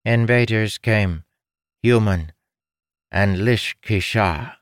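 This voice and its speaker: A man's voice: on the low side, slow, dry recording, studio quality, voice pushed up. A man voicing a nasal, formal male winged creature with a trunk in a storybook reading. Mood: grave. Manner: stiff, formal phrasing.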